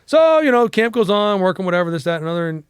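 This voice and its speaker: Animated, profane storytelling man. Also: sits high, fast, smooth, no room sound, clean studio sound. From United States. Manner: animated, profane, acts out quotes. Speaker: interview guest. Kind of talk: casual storytelling interview.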